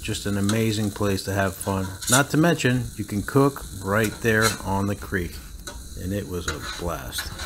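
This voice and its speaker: A man narrating his own cooking video in a relaxed, matter-of-fact way, sharing little tips as he goes. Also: lowish voice, unhurried, noisy background. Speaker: cooking vlogger. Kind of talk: voice-over narration.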